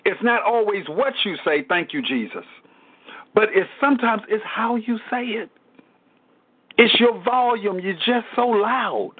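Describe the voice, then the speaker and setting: A man's voice: high-pitched, unhurried, husky. A man, a pastor, teaching a Bible study in a repetitive preaching style, breaking in with calls to God. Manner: repetitive call-and-response preaching with exclamations to God. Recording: narrow tinny phone-line sound.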